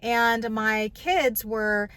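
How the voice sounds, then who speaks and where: A middle-aged woman tells a personal story with lively, expressive energy. She speaks in a relaxed vlog style, with her voice rising and falling as she goes. She is recorded inside a car. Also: fairly high pitch, very slow. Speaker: vlog host. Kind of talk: casual storytelling to camera.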